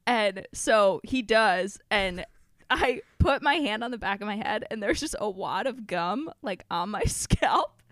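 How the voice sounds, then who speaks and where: A woman's voice: mid-range voice, expressive, unhurried, a bit bright, no room sound, clean studio sound. A young woman casually chatting, telling a candid story between frequent giggles.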